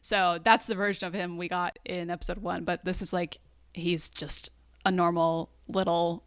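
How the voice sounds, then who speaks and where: A woman's voice: on the low side, moderate pace, clear, resonant tone, no echo, studio quality. A woman co-hosting a podcast, recapping a TV episode in casual chat and acting out quoted lines with lots of laughter. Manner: animated, acts out quoted lines, laughs often. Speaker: podcast co-host.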